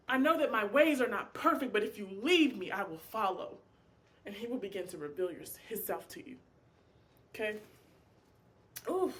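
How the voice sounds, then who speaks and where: Woman Bible teacher with a slightly high voice. Impassioned and animated, speaks casually and acts out prayers and dialogue. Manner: colloquial, addresses listeners as y'all. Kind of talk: informal Bible study teaching.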